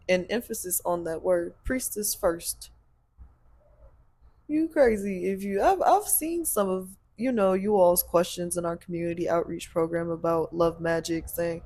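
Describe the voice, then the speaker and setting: Gravelly-voiced blunt woman host. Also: on the low side, takes it slowly, a little mellow. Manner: blunt, preachy, laughs often. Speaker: podcast host and spiritual practitioner. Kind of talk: casual chat.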